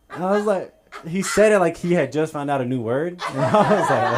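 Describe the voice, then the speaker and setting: A man's voice: fairly high pitch, fast, few pauses, a crowd in the background. A man doing a stand-up set on a club stage, telling a story in a loose, rambling way with plenty of fillers. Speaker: stand-up comedian.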